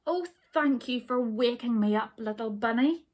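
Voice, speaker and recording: A woman voicing a big, hairy male bear who growls his words slowly. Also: fairly high pitch, darkish tone, close to an everyday voice. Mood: delighted. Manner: growling, slow.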